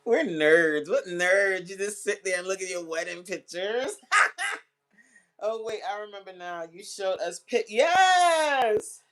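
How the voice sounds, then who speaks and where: A middle-aged woman hosting a casual livestream chat, chatty and animated, often laughing and teary-eyed. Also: medium pitch, takes it slowly. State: tearing up. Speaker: livestream host.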